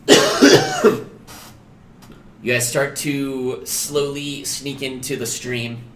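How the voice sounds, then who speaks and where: A man's voice: medium pitch, huge pitch swings, extremely slow, a bit bright. A man casually narrating a tabletop game as game master, laid back and swearing freely. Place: home streaming room. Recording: roomy echo with faint ambient noise.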